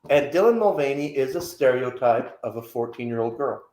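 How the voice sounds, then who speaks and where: A man's voice: medium pitch, expressive, brisk, warm tone, echoey room. A man in his forties co-hosting a casual podcast, opinionated and rambling. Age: 40s. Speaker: podcast co-host. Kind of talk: casual chat.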